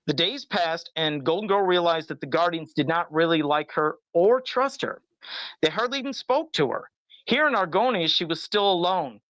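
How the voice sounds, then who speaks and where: A man's voice: a little high, fairly bright tone, no room sound, poor audio. A man co-hosting a podcast, reading a storybook aloud in a casual way and chuckling as he goes. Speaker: podcast co-host.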